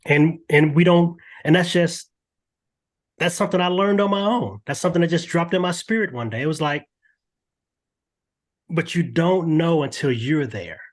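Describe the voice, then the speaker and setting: An older man, a podcast guest, talking earnestly in a lively storytelling way with frequent restarts. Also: on the high side, moderate pace, long pauses. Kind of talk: candid podcast interview.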